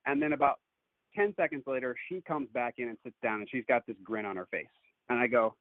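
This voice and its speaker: A man calls in to tell a story, speaking casually and acting out what people said. His voice is mid-pitched and comes through a thin, tinny phone line. The sound is dry. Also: moderate pace, no echo. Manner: animated, acts out quotes. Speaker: caller.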